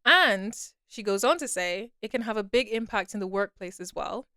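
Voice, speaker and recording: Young female podcast host, candid confessional talker, mid-range pitch, smooth voice. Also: animated, normal speed, pushed and bright, no echo, studio quality. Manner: candid, confessional, repeats herself. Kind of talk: personal podcast monologue.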